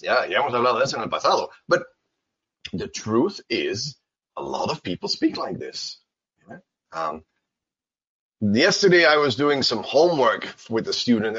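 A man teaching to Spanish speakers in a seminar talk, animated and emphatic, often checking in with "okay?" and "right?". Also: medium pitch, husky. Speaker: English teacher. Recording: dull lo-fi recording.

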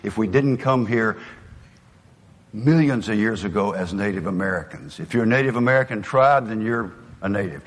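A man's voice: fairly low pitch, lively intonation, normal speed. An older man, a former football coach, giving an earnest motivational speech full of personal stories. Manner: earnest, storytelling, drops soft for emotional moments. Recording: long hall reverb.

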